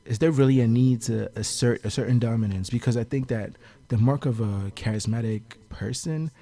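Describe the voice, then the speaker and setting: A man talking as a podcast guest, thoughtful and measured, often pausing on fillers. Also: medium pitch, mellow. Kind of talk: casual podcast discussion.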